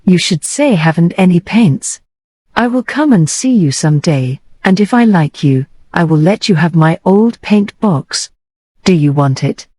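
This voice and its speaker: A woman's voice: on the low side, expressive, measured pace, dark tone, dry recording. A woman reading the part of an eager, bossy little rich girl in an audiobook. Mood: imperious. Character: imperious, warm-hearted little rich girl.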